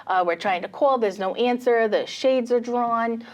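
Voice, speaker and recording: A woman's voice: on the high side, unhurried. A woman, co-hosting a casual podcast and telling a story with animation, acting out what people said. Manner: animated storyteller, acts out quotes. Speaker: podcast co-host, real estate agent.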